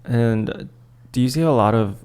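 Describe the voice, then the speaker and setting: A man's voice: medium pitch, normal speed, a little mellow, smooth. A young man hosting a podcast, laid-back and teasing in casual chat. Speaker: podcast host.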